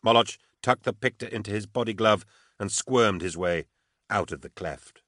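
A man's voice: fairly low pitch, normal speed, a bit bright, no echo, studio quality. A man narrating fiction steadily as an audiobook narrator.

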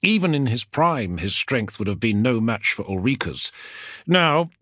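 A man reading a fantasy novel aloud as an audiobook narrator, with a dramatic, expressive delivery. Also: medium pitch, a little slow, dry recording, studio quality.

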